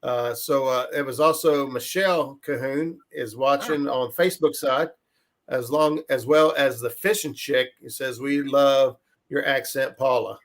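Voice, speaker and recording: A man's voice: mid-range voice, steady tone, a little slow. A man hosting a fishing channel livestream, joking and reading out viewer comments. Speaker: channel host. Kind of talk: casual chat on a livestream.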